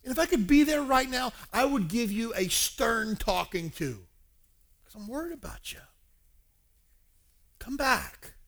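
A preacher doing a fervent pleading apostle. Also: male voice, very high voice, moderate pace, vocal fry, hardly any pauses, a bit bright, voice pushed up, full character voice. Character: Apostle Paul, earnest, pleading spiritual father.

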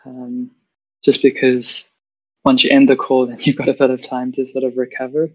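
A woman's voice: rumbling low, level tone, moderate pace, darkish tone, highs cut off. A trans woman from South Africa with a South African accent, chatting casually and hesitantly, with many fillers and restarts. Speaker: guest. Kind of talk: casual chat. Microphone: video call.

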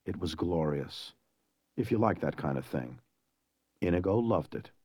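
A man reading a novel aloud in an even, measured storytelling voice. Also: low voice, husky, no echo, studio quality. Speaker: reader. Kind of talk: audiobook narration.

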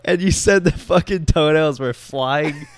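A young man co-hosting a podcast, telling stories in an animated way, swearing and laughing often. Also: on the high side, unhurried, no room sound. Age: young adult. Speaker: podcast co-host. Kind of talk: casual chat. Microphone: studio microphone.

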